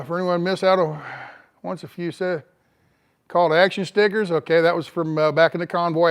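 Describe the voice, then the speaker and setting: A man's voice: on the high side, clear, resonant tone. Rambling older man chatting outdoors. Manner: rambling, drawling, lots of uh fillers. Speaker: vlogger reading live chat. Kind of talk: casual live-stream chat.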